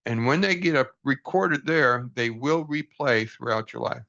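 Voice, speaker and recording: A man's voice: medium pitch, measured pace, vocal fry, pushed and bright. An older man reading from a book aloud and reflecting on it in an earnest, folksy, self-deprecating way, on a dull lo-fi recording. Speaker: book study host.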